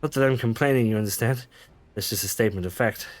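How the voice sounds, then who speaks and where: A man's voice: mid-range voice, fast talker, soft background music. A man streaming a game, reading the dialogue aloud with frequent stumbles, self-corrections and laughs. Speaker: gaming streamer.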